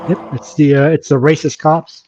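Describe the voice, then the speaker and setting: A man's voice: fairly high pitch, little pitch movement, normal speed, a little mellow. A man co-hosting a reaction chat, chiming in with dry wisecracks. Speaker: co-host. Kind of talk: casual chat. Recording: dull lo-fi line.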